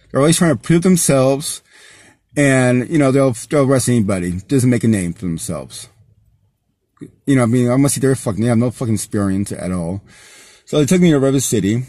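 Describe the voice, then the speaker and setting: A man's voice: medium pitch, animated, moderate pace, mellow, no room sound. A man telling a personal story in a casual vlog, rambling with many fillers and restarts, often breaking into angry, profane rants. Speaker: vlogger.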